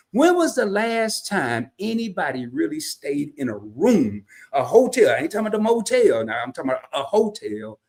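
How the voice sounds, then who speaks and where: Brief: man, livestream host, fairly high voice that jumps all over, folksy and slangy, casual chat to viewers at a laptop. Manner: animated and folksy, loose slangy phrasing.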